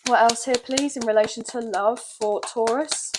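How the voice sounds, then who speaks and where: Against a noisy background, a woman with a fairly high, steady voice gives a tarot reading at a moderate pace. Her manner is soft, talkative and full of feeling, though her voice is a little croaky. She keeps turning to her audience with "okay, guys."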